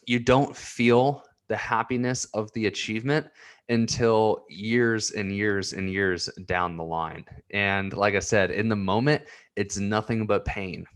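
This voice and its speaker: Earnest, emotional man rambling on camera. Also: on the low side. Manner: emotional, earnest, repeats himself. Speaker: vlogger. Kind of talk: rambling personal vlog.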